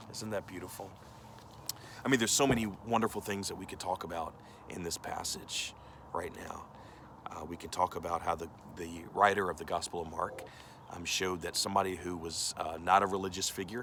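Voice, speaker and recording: A man's voice: low voice, sharp tone, a little hiss or hum. A male pastor giving a conversational sermon, earnest and direct, often asking the listeners questions.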